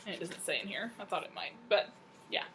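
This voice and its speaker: A woman's voice: lowish voice, a little fast, a bit bright, slight background noise. A woman co-hosting a knitting and books podcast, chatting casually about what she is reading. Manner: chatty, reads a synopsis aloud with stumbles. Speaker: podcast co-host. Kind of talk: casual book chat.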